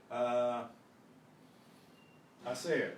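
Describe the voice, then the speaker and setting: An older man teaches a language class at an unhurried pace, pausing to clear his throat. His voice sounds roomy and distant, as if caught by a mic across a classroom with faint noise behind. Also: medium pitch. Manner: slow, patient, clears throat often. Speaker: Spanish teacher. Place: classroom at a senior center.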